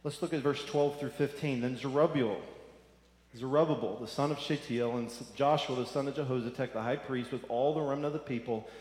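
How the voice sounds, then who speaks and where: A man's voice: mid-range voice, steady tone, brisk, darkish tone. A man preaching a sermon, earnest and repeating phrases for emphasis. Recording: echoey hall.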